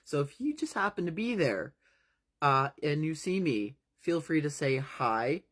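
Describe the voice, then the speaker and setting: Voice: mid-range voice, big pitch swings, a little slow, a bit bright. A narrator casually retelling a horror novel part by part, talking in a wry, conversational way with frequent fillers.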